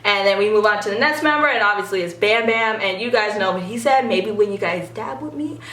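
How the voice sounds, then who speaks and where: A young woman excitedly telling a story in a vlog, giggling and acting out what people said. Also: medium pitch, fairly quick, reverberant, distant mic. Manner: gushing, giggly, acts out quotes.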